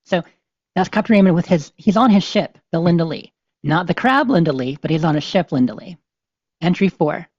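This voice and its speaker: A woman's voice: fairly low pitch, expressive, moderate pace, darkish tone, slightly rough, no room sound. A woman hosting a podcast in casual, rambling chat with many fillers, at times reading game notes aloud. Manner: rambling, lots of "you know" fillers. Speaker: podcast host. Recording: slightly dull, dry lo-fi sound.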